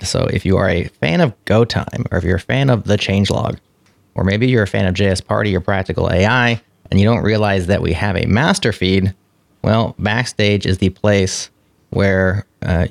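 A man's voice: lowish voice, gravelly, dry recording, studio quality. A man hosting a podcast, chatting in a rambling, friendly way that often corrects itself. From United States. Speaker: podcast host. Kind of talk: casual chat.

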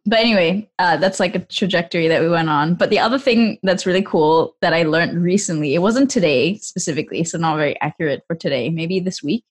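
A woman on a podcast panel, chatting casually and laughing often. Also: lowish voice.

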